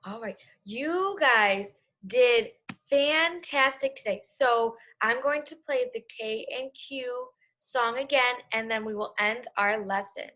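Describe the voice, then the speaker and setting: A young woman teacher leads an online reading lesson for small children. Her voice sits high and bright. She speaks slowly and clearly, with an encouraging tone. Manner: slow, clear and encouraging, talks to kids.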